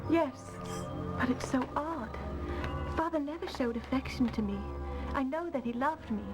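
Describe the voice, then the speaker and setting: A woman's voice: sits high, normal speed, close to an everyday voice, low-quality recording. An actress playing an anxious young lady in a 1990s game, speaking earnestly with a put-on British accent. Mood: worried. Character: anxious young lady, worried sister figure. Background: game music.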